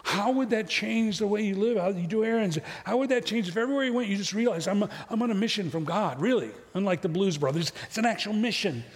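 High-voiced male pastor in a reverberant hall. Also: quick pace, hardly any pauses. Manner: storytelling, joking with the congregation. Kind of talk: sermon. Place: church sanctuary.

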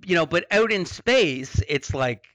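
A man co-hosting a gaming podcast who chats casually and keeps throwing out quick jokes. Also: fairly high pitch, expressive, fairly bright tone, no room sound. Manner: joking, quick quips. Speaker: podcast co-host.

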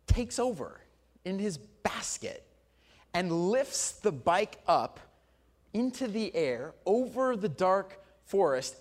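Animated storytelling pastor, a man. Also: high voice. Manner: storytelling, animated, swings from loud to soft. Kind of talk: sermon.

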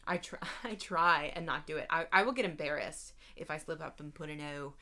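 Bright-voiced chatty young woman co-host. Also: sits low, brisk. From Baltimore area, USA. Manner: chatty, laughs often, many fillers. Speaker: podcast co-host. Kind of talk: casual chat.

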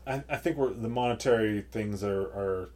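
A man co-hosting a podcast, reviewing a movie in casual chat, animated and profane, laughing often. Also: fairly low pitch, normal speed. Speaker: podcast co-host.

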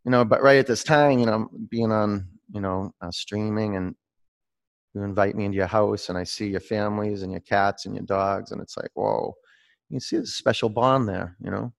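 A man guides a streamed yoga class, calling out poses and drifting into loose, laughing asides. His voice sits low, with a rough, gravelly fry underneath. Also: steady tone, normal speed. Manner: rambling and laughing between pose cues. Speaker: yoga teacher.

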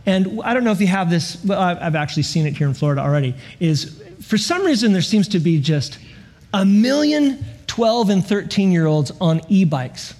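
A man's voice: high voice, big pitch swings, normal speed, a little mellow. A man preaching a sermon as pastor, telling stories with laughs and repeated stammered words.

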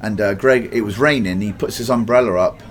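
A man's voice: lowish voice, fairly quick. A man from England with an English accent, telling a rambling personal anecdote in a casual way, swearing freely and acting out the other people's lines. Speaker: guest telling a life story.

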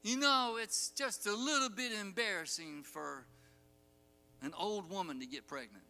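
A man preaching a sermon, telling the story with animated asides and acted-out quotes. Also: high-pitched, a little slow, creaky. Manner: animated storytelling, acts out quoted lines, chuckles. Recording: long hall reverb, faint music.

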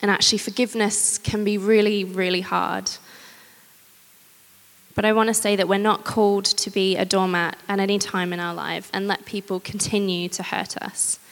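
A woman preaching a sermon, candid and personal, with gentle humor. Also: mid-range voice, flat delivery, moderate pace. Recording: long hall reverb.

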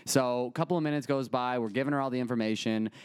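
A young man co-hosting a podcast, telling funny stories in an animated way and acting out his mother's yelling. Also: medium pitch, fast talker, clean tone, no echo, clean studio sound. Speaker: podcast co-host. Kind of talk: casual comedic storytelling.

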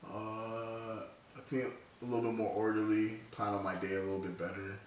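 A man's voice: on the low side, little pitch movement, moderate pace. A man co-hosting a podcast, chatting in a dry, laid-back way. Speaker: podcast co-host. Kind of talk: casual podcast chat. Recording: roomy, distant, noisy, with clicks.

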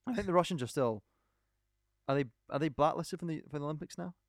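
A man's voice: a little high, quick pace, no room sound, studio quality. A man co-hosting a podcast, enthusiastically retelling a documentary in casual chat, rambling from point to point. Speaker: podcast co-host.

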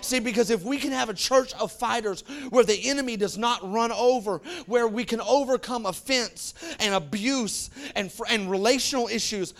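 A man preaching to his congregation, talking in a loose, colloquial way and calling out to the room. His voice sits high and has a gravelly edge. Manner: lively storytelling, acting out characters in quick voices. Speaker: pastor. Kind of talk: sermon.

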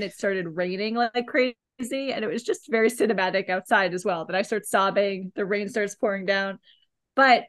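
A woman co-hosting a podcast, telling an animated, chatty story and recommending a film. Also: mid-range voice, dry recording. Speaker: podcast co-host. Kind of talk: casual chat, recommending a film.

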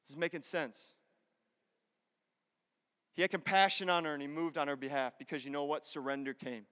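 Man, preacher, high clear voice, impassioned sermon, long hall reverb. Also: fairly even intonation, a little fast, a bit bright. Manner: impassioned, repetitive preaching with acted-out prayers.

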